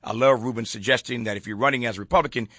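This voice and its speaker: A man's voice: medium pitch, rapid-fire, bright, forceful tone, no room sound, clean studio sound. A man hosting a political talk show, reading from a column and chuckling as he riffs on it. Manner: reads aloud then riffs, folksy and chuckling. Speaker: host.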